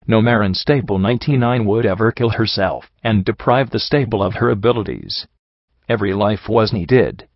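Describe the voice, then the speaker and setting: A man narrating a first-person audiobook in a steady, introspective storytelling manner. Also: lowish voice, normal speed, dry recording. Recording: dull lo-fi dry recording.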